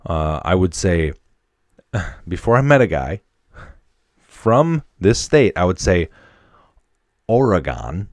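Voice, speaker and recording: A man in his thirties from Wisconsin, with a faint Upper Midwest accent, hosting a casual solo podcast in a slangy, excitable, chummy way. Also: sits low, slow, long pauses, no echo, studio quality. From Wisconsin, USA. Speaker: podcast host.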